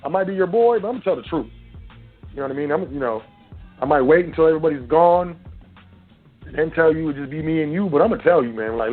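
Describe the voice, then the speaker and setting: A man's voice: fairly high pitch, expressive, fast talker, long pauses. Man, radio host, casual street talk, preachy, tinny phone-line sound, faint music behind. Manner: street-casual, preachy, talks straight to listeners. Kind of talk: casual monologue on an internet radio show.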